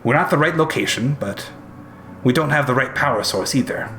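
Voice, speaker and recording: A man voicing an eccentric old male vault keeper who chuckles and gets excited. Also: mid-range voice, fairly quick, soft background music, pitched above the performer's own voice. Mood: musing.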